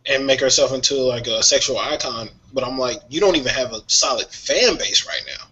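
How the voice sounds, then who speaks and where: A man on a casual music talk show, airing strong views about artists with lively energy. His tone is bright and forceful, and the recording sounds dull and lo-fi. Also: mid-range voice, fairly quick. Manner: opinionated, animated, laughs often. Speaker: podcast co-host.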